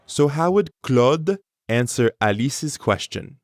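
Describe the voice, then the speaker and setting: A man teaching a language lesson, pronouncing words slowly and carefully for learners. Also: mid-range voice, lively intonation. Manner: slow, careful pronunciation for learners. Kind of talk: scripted lesson narration.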